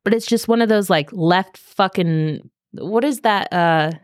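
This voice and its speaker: A woman's voice: medium pitch, a little slow, no room sound, studio quality. A woman co-hosting a book podcast, recapping the plot casually with lots of swearing and filler words. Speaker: podcast co-host. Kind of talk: casual book-club chat.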